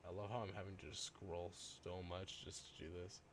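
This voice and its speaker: A man's voice: low voice, level tone, normal speed, a little hiss or hum. A young man streaming, making offhand remarks while he watches videos. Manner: offhand remarks, laughs along. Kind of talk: casual reaction commentary.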